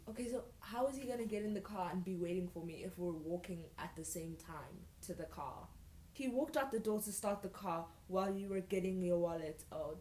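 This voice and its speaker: A young woman, a YouTuber, reads old fan fiction out loud in a roomy, echoing room, her voice lowish and mellow. She interrupts the passages with sarcastic, incredulous asides.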